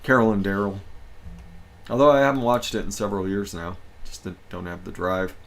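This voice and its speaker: A man's voice: sits low, fairly even intonation, moderate pace, gravelly, a bit bright. A man hosting a casual livestream, upbeat and greeting his viewers one by one. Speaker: livestream host.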